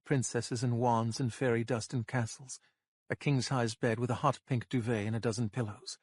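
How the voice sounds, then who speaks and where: Male narrator for a suspense audiobook; even, tense delivery, dry close recording. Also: medium pitch, moderate pace, husky, no room sound.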